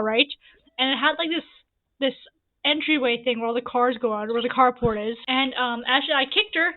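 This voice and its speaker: A woman in her early twenties telling rambling sibling stories over gameplay, repeating herself and adding quick asides. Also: high-pitched. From Canada. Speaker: gaming YouTuber. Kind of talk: casual storytime over gameplay. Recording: tinny phone-like audio.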